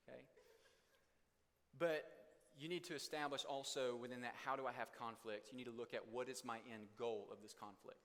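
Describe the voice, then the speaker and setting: A young adult man preaching a conversational sermon, acting out couples' arguments in quick bursts. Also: medium pitch, fairly even intonation, fairly bright tone. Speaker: pastor. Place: church hall. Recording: long hall reverb.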